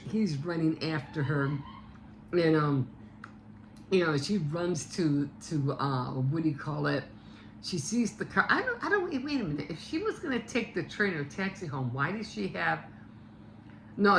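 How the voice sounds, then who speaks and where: A woman's voice: deep voice, a little hiss or hum. A woman vlogger casually retelling a story, rambling with many fillers and restarts.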